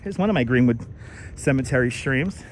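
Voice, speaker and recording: A man's voice: mid-range voice, expressive, brisk, a little hiss or hum. A man hosting a casual outdoor live stream while walking, reading out and thanking viewers' comments, recorded on a wireless clip-on mic. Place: outdoors on city streets and in a park.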